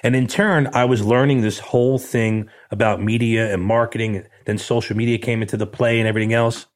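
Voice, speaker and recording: A middle-aged man, guest in a casual interview, tells a story in blunt, streetwise language and animatedly acts out the quoted dialogue. His voice is mid-range and brisk.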